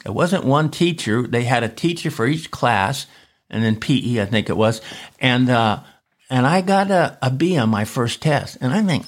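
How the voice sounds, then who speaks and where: A man preaching on a podcast through a personal story, animated and chuckling often as he tells it. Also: mid-range voice, normal speed.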